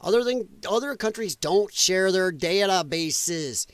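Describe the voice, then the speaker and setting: A man's voice: sits high, expressive, unhurried, dry recording. Blunt, sarcastic male livestream host. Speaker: podcast host. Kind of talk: livestream commentary.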